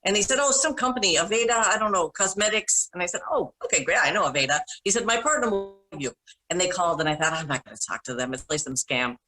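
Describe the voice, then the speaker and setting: A middle-aged woman from Minnesota, a panel guest rambling through animated anecdotes and correcting herself as she goes. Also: sits low, fast, poor audio. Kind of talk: casual storytelling.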